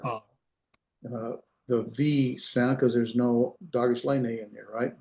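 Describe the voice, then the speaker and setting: A man's voice: mid-range voice, steady tone, slow pace, darkish tone. Man teaching a class in an echoey room. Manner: patient, explains step by step, repeats words for pronunciation. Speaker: Hebrew instructor. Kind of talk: online lecture. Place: room, on a video call. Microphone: video call.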